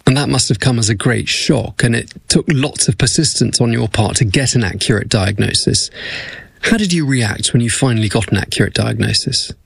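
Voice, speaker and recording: A man interviewing a patient, asking gentle, measured questions. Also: mid-range voice, creaky, husky, dry recording.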